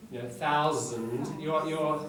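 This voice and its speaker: A man's voice: medium pitch, normal speed, crowd noise. Man, Australian accent, classroom lecture, chatty, echoey room, distant mic. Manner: chatty, digressive, explains with examples. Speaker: English teacher.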